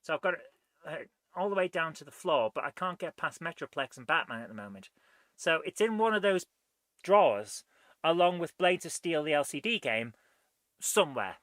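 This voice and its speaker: Male host, rambling live-stream chatter, bright voice, dry close sound. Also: fairly high pitch, big pitch swings, normal speed, no room sound. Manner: rambling and chatty, thinking aloud. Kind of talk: live retro gaming stream chat.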